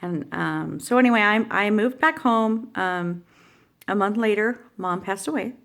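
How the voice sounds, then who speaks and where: A woman's voice: mid-range voice, measured pace, creaky, fairly bright tone. A middle-aged woman telling a heartfelt personal story in a vlog, rambling and emotional, with many fillers and restarts. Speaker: vlogger.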